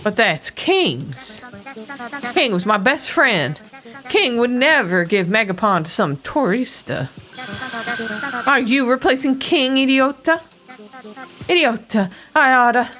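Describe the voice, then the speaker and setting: Woman putting on a hotheaded cowgirl painter, shaky fake accent, highish voice, music under it. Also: sing-song, takes it slowly, long pauses, fairly bright tone, exaggerated voice. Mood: grieving. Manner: wobbly put-on accent with Spanish words. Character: grieving cowgirl painter, hot-tempered.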